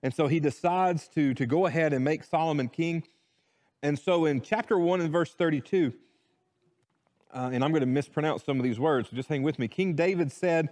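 A man preaching a sermon, animated, repeating words as he restarts his thoughts. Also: a little high, moderate pace. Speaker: pastor.

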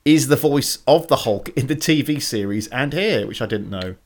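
Male co-host, casual chat, jumps up in pitch when worked up. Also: moderate pace. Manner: animated, jumps higher when excited or joking. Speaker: podcast co-host. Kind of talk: casual chat with plot summary.

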